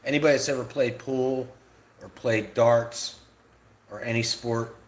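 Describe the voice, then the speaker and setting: A man's voice: mid-range voice, steady tone, a little slow. A middle-aged man on a live stream, ranting with lots of repetition and swearing. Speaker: livestreamer ranting about realtors.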